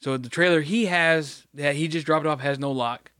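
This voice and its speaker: A man's voice: fairly high pitch, normal speed, fairly bright tone, smooth, dry recording, clean studio sound. A man in casual chat, rambling and swearing as he tells a work story. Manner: rambling, profane, sympathetic storyteller.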